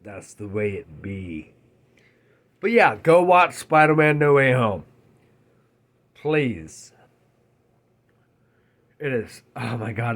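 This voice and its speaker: A man ranting casually about a favorite film, his voice swooping up and down with a lot of life in it. He takes his time, drawing out words rather than rushing, and swears freely along the way. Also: mid-range voice. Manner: excitable, swears freely, laughs mid-sentence. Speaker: movie reviewer. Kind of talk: casual spoiler-filled movie rant.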